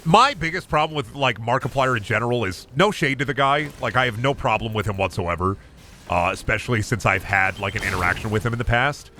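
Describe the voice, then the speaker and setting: A man's voice: mid-range voice, brisk, bright, forceful tone, slight background noise. A man streaming a video game, chatting and swearing casually, often with an upward inflection. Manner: chatty, rambling, swears freely. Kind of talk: casual gameplay commentary.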